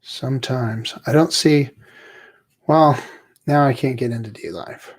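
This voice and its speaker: A man's voice: mid-range voice, measured pace. A man hosting a livestream, casually talking and muttering to himself while he struggles with his computer. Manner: pirate-themed greeting. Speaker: livestream show host.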